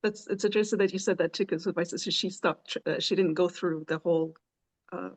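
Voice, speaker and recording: A woman's voice: on the low side, fairly even intonation, fast. A woman hosting a podcast in a conversational interview, asking long, winding questions. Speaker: podcast host.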